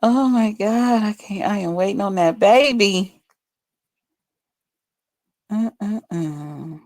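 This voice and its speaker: A woman's voice: mid-range voice, takes it slowly, darkish tone, no echo. A woman chatting casually to her viewers on a phone livestream from home, rambling and swearing freely. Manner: rambling, profane, talks straight to viewers.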